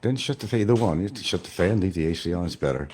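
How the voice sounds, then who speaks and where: A man's voice: low-pitched, expressive, racing, darkish tone, husky. A man hosting a stream, giving casual, sarcastic commentary and taunting the person he talks about from an indoor room. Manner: sarcastic and taunting, addressing his target as "son". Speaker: stream host.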